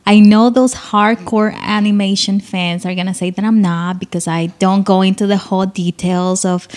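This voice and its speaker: A woman with a French accent chats as a guest on a casual podcast. Her voice sits at a medium pitch. She speaks hesitantly and modestly, easing into her answers.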